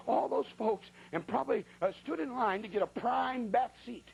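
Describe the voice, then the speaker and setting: A man's voice: high voice, fast, creaky, hardly any pauses, slightly rough, poor audio. A man preaching in a church, telling a folksy, colloquial story as part of a sermon. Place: church at a pulpit.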